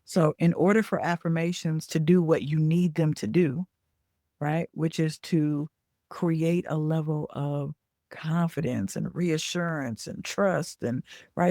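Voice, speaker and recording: A woman's voice: sits low, moderate pace, dark tone, no room sound, studio quality. A woman hosting a podcast as a business coach. She talks in a chatty, casual way, checks in with listeners with a frequent "okay?", and corrects herself mid-sentence. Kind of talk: casual talk.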